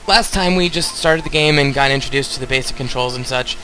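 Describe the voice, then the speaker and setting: A man's voice: medium pitch, fairly quick, sharp tone, slight background noise, low-quality recording. A young man casually commenting on a video game as he plays, rambling and talking straight to his viewers. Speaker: let's play host.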